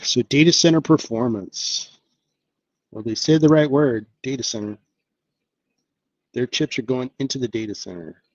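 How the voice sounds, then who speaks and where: A man's voice: mid-range voice, moderate pace, pauses often, no echo, highs cut off. A man hosting an investing live stream, talking casually and upbeat, thinking aloud with lots of fillers. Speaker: investing channel host.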